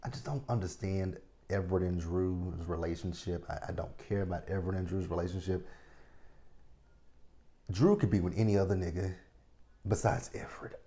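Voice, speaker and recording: Low, dark-voiced man ranting profanely. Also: fairly even intonation, brisk. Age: 30s. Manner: blunt, profane, ranting commentary; talks straight to viewers, checking in with "right?". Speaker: TV episode reviewer. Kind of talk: casual recap and review.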